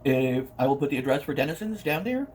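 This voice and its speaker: A playful man chats to the camera over a meal, humming and singing little bits between bites. His voice sits at a middle pitch. A faint noise hangs under the recording. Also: animated, fast, darkish tone. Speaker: mukbang vlogger. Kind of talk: casual eating vlog talk.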